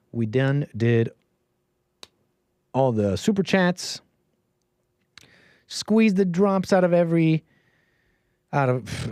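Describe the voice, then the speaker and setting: A man's voice: fairly high pitch, a little mellow, no echo. A man hosting a casual live stream, chatty and joking, rambling with restarts from a home studio mic. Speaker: livestream host.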